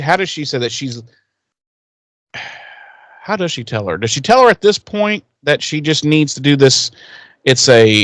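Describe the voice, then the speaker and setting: A man's voice: mid-range voice, a bit bright, dry recording. A man co-hosting a podcast, casually recapping an episode and acting out the characters' lines in a raised, swearing voice. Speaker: podcast co-host.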